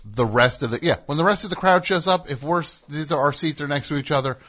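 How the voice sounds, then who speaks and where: A man's voice: fairly high pitch, fast, fairly bright tone. A man from New Jersey hosting a radio show, telling a rambling anecdote and acting out what people said. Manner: rambling anecdote with acted-out quotes. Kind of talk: casual storytelling chat.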